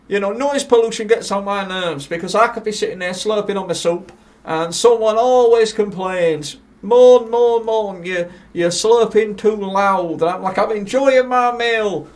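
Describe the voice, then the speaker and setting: A man's voice: high-pitched, a little slow, a little mellow. A man playing a brash, hot-headed dating-show contestant who rambles with comic bluster. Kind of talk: comedic improvised dating game.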